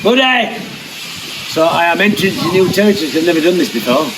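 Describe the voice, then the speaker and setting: A man's voice: on the high side, very animated, fast talker. A man explaining boat engine work in casual, plain-spoken talk, a little hesitant. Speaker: dad of the sailing family. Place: outdoors in a boatyard. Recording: crowd and boatyard noise.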